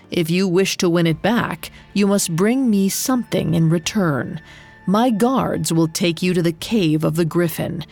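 A woman voicing a one-eyed male warrior chief who speaks in a slow, low, measured way. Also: darkish tone.

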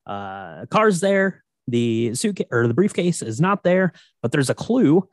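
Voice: mid-range voice, very animated, measured pace, dry recording. A podcast co-host recapping a movie casually, hesitant with many fillers.

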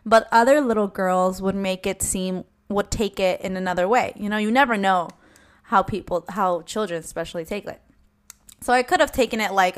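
A woman's voice: medium pitch, normal speed. A young woman hosting an advice podcast, talking frankly and casually, swearing at times and acting out what she would say. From Latina. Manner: frank, animated, swears casually, acts out her own comebacks. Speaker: podcast host.

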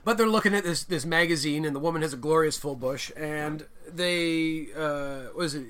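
A man co-hosting a podcast, chatting casually about a movie and retelling scenes in a rambling, animated way. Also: fairly high pitch, normal speed, clear, resonant tone. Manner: rambling, animated storytelling with acted-out quotes. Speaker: podcast co-host. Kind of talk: casual movie review chat.

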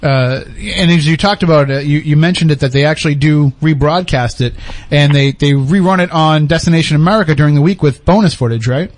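Fast-talking, teasing podcast host man. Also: a little high. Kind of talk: casual podcast chat.

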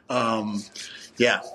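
A man's voice: on the low side, pushed and bright. A man, an actor guest talking casually in an interview, rambling with restarts and frequent swearing. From New York, USA.

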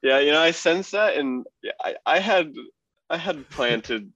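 A man's voice: a little high, a little slow, dry recording, dull audio. A man, a cyclist guest, telling a story in casual chat with lots of fillers and laughter. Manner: relaxed, laughs through stories, many fillers.

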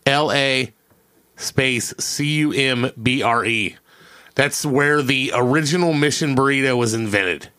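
A man's voice: medium pitch, measured pace, sharp tone, clean tone. A man co-hosting a podcast in casual chat, swearing a lot, enthusiastic and restarting his sentences often. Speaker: podcast co-host.

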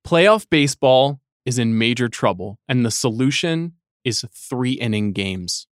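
Man pitching a wild sports take, dry studio sound. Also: animated, measured pace, no room sound. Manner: argues an outlandish take with mock seriousness. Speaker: podcast panelist. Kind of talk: casual sports debate.

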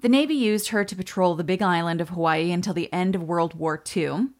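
A woman co-hosting a podcast, telling a history story in a relaxed way with quick asides. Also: on the low side. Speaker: podcast co-host. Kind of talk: storytelling chat.

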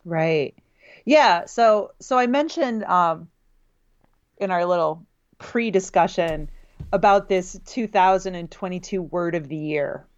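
A woman's voice: lowish voice, takes it slowly, dull audio. A woman who teaches college writing, co-hosting a casual talk and laughing often between fillers. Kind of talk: casual conversation.

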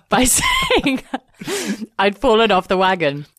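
A young woman co-hosts a chatty podcast with a wry, self-mocking humor and frequent laughter. Her voice sits at an ordinary middle pitch. It is recorded close and dry, with no room echo. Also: wildly swooping pitch, slow pace, a bit bright. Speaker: podcast co-host. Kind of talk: casual chat.

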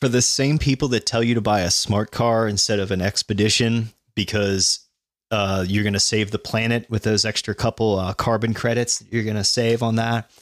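A man's voice: lowish voice, fairly even intonation, moderate pace, no room sound, clean studio sound. Sarcastic male podcast co-host. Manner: sarcastic, swearing. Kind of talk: casual political banter.

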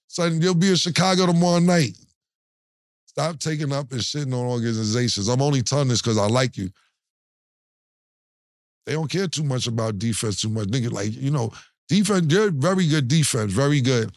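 A man co-hosting a casual podcast, talking in an animated, storytelling way and slipping into quoted voices. His voice is mid-pitched and sits dry and close. He laughs easily between points. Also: brisk, no room sound. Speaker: podcast co-host. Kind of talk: casual chat.

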